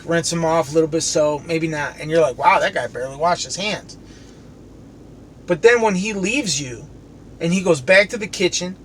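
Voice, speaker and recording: High-voiced man ranting heatedly with car noise. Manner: heated, profane, sarcastic. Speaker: commercial kitchen and duct cleaner. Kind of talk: angry venting rant. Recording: steady traffic and car noise behind.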